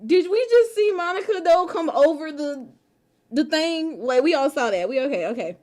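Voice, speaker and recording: Animated, high-voiced woman streamer. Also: moderate pace. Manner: animated, slangy, bursts into laughter. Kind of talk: casual live game stream chat. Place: at home.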